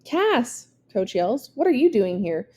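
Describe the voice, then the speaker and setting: A friendly adult man coaching kids' baseball from a storybook, voiced by a woman. He calls out across the diamond with a raised pitch but a warm, mellow sound. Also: animated, brisk. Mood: surprised. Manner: calling out, kind.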